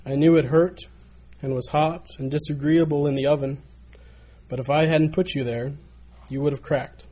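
A man voicing a patient, kind potter who gently explains why he shaped the teacup. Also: on the high side, fairly even intonation, normal speed, lightly acted. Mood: gentle.

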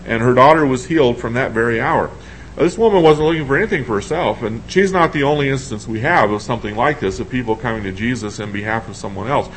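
A man's voice: medium pitch, fast talker, a bit bright, slight background noise, poor audio. A man preaching a sermon in a conversational way, asking his congregation questions and thinking aloud as he reads scripture.

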